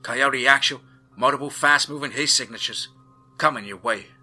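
A man's voice: medium pitch, moderate pace, bright, forceful tone, husky, soft background music, pitched above the performer's own voice. A man voicing a tense female drone operator calling out clipped warnings over military radio comms in a spoken story. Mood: urgent. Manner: urgent clipped radio calls.

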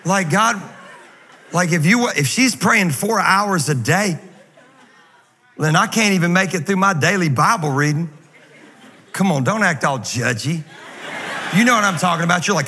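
A man preaching a sermon in an energetic, joking, conversational way. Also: high voice, moderate pace, long pauses, breathy edge. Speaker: guest pastor. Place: large church auditorium. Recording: reverberant hall, faint noise.

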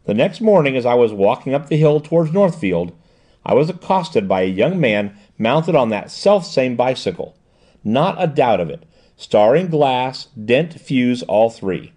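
A man reading the lines of a sharp, composed woman detective in an audiobook, explaining in a precise, measured way. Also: medium pitch, sing-song.

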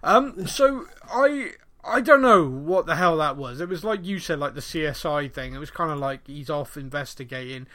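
A middle-aged man co-hosting a podcast, recapping a TV episode in rambling, animated casual chat and laughing often. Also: on the high side, normal speed, few pauses. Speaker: podcast co-host.

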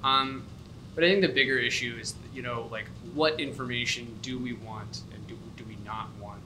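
A man's voice: mid-range voice, normal speed. A man on a podcast, talking things through with many fillers. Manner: thoughtful, lots of fillers like you know and um. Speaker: podcast co-host. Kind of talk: casual podcast discussion. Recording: noisy podcast recording.

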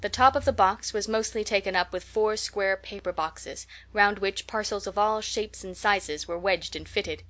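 A woman reading a classic children's novel aloud in a steady, gentle storytelling manner. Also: mid-range voice, moderate pace, hardly any pauses. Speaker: audiobook reader. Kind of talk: scripted narration.

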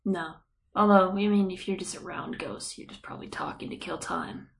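A woman's voice: on the low side, steady tone, moderate pace, gravelly. A woman co-hosting a podcast, chatting casually with playful, rambling musings. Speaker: podcast co-host. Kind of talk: casual chat.

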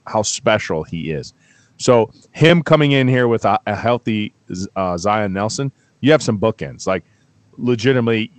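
Animated man ranting about football. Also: on the low side, no echo. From Florida. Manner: animated storyteller, swears freely, gets worked up. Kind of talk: casual sports talk.

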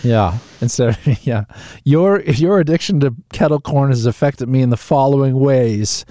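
A man's voice: medium pitch, moderate pace, mellow, no echo, studio quality. A man hosting a live talk radio show, chatting casually in a rambling, self-mocking way with frequent chuckles. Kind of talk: casual chat. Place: radio studio.

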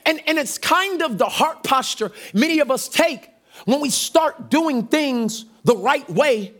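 High-pitched pastor preaching with fervor. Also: male voice, measured pace. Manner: energetic, shouting call-and-response with the congregation. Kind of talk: sermon.

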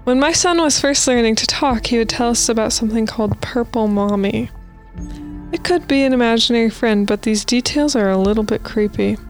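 High-voiced woman reading spooky stories. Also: brisk, faint music behind. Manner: reads posts aloud with playful asides and laughs. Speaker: podcast co-host reading listener stories. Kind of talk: casual podcast chat, reading stories aloud.

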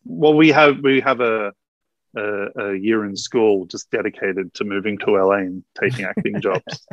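A man's voice: fairly low pitch, normal speed, no echo. Rambling Australian man, slightly muffled. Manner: rambling, self-deprecating, laughs often. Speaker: guest musician. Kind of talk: casual podcast chat.

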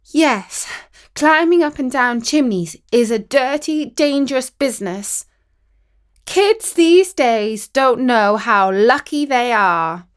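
A woman's voice: high-pitched, animated, slow, clean tone. Woman doing a plucky, earnest young girl. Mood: wry.

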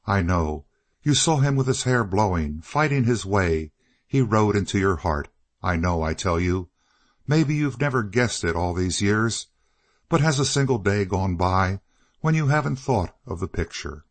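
A man voicing an earnest, passionate young woman for an audiobook, pitching his voice higher and pleading insistently. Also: very animated, unhurried, heavily acted.

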